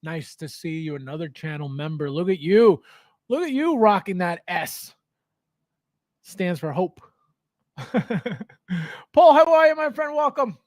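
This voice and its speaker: A man hosting a casual livestream from his basement, his voice pitched high and swinging widely up and down. He greets viewers by name and reads their chat aloud, laughing often. The sound is dry and close. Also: big pitch swings, measured pace, pauses often, dry recording. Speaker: livestream host. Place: home basement.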